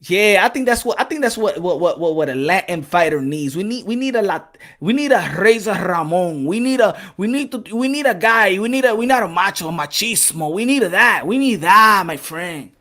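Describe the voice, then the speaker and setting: A man ranting about boxing in an animated, profane style, breaking into hype-man shouts. His voice is high and bright. He laughs often between points. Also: moderate pace. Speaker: boxing vlogger. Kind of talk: animated boxing commentary rant.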